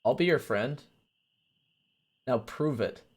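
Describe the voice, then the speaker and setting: A man's voice: mid-range voice, expressive, takes it slowly, husky. A man voicing a sly shape-shifting gnome who turns into a tall woman, speaking brusquely and grandly while reading a game aloud.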